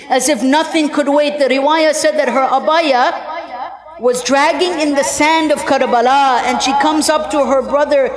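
A woman telling a mournful religious story as a sermon, with an emotional delivery that moves between raised and hushed tones. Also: high-pitched. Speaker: religious speaker at a mourning gathering. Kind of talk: lamenting sermon narration.

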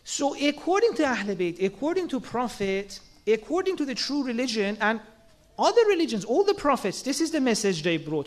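Guy with a really high voice preaching, earnest, lots of rhetorical questions. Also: very animated, moderate pace. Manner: earnest, asks rhetorical questions and acts out quotes. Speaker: religious speaker. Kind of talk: sermon.

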